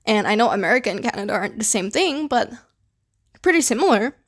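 A woman's voice: a little high, animated, quick pace. Young woman from the Philippines, podcast host, casual rambling monologue, filler-heavy, swears offhandedly. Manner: rambling, heavy use of fillers like "like" and "you know".

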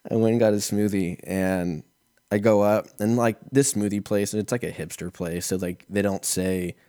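Clean studio sound with no room noise carries this thirtysomething podcast host's casual comedic storytelling, which is rambling, profane and self-mocking. He speaks at a normal speed with a fairly low, dark voice and fairly even intonation.

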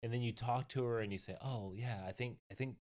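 A man's voice: mid-range voice, steady tone, fairly quick, a little mellow. A man co-hosting a podcast, giving reflective advice and often checking in with the listener. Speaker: podcast co-host and parent. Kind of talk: casual chat.

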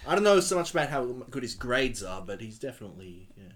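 A man co-hosting a podcast in a mid-pitched voice. He chats casually about the movie, pointing out details and stumbling over restarts as he goes. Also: very animated, quick pace. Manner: chatty, explains details with restarts. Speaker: podcast co-host. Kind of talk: casual movie commentary chat.

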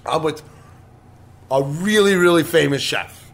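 A man's voice: a little high, a little slow, a bit bright. Brash, swearing male storyteller. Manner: crude, swearing, boastful storytelling. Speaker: storytelling co-host. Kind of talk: casual podcast chat.

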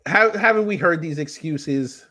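Reading aloud from a book on his podcast, this New Yorker in his thirties keeps interrupting himself with playful jokes and teasing. His voice runs a little high, pushed and bright, with lively intonation and an unhurried pace.

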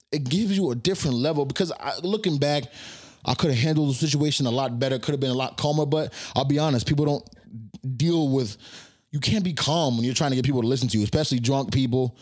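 A man in his twenties hosting a podcast, telling a party story in a casual, animated way and acting out his own lines. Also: medium pitch, a little fast, breathy edge. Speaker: podcast host.

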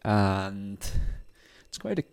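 A man's voice: on the low side, big pitch swings, slow, vocal fry, clean tone. A young adult man who runs marathons, talking casually and ramblingly with many fillers while in an apartment. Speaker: marathon runner. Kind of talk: casual vlog monologue. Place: apartment indoors.

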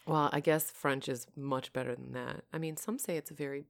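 Low-voiced crude podcast woman. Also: steady tone, fairly quick, gravelly, no echo. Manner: crude, laughing, playful banter. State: married. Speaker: podcast co-host. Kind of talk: casual chat.

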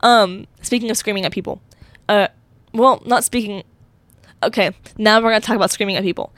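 A woman's voice: mid-range voice, fairly quick, a bit bright, no echo. A young woman hosting a solo podcast from her college dorm room, telling a rambling, giggly story full of fillers. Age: young adult. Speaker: podcast host.

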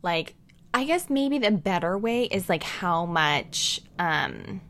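On the low side but bright, this young woman's voice swings widely in pitch while she talks at a slow pace. As a podcast co-host she chats casually and rambles, packing in fillers and laughing a lot.

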